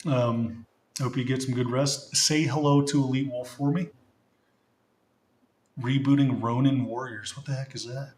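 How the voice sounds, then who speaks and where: A man's voice: mid-range voice, steady tone, a little slow, pauses often, a little mellow, a little hiss or hum. A young man hosting a livestream, chatting loosely and rambling, with lots of restarts. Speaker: streamer host. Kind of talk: casual livestream chat. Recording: roomy echoey room.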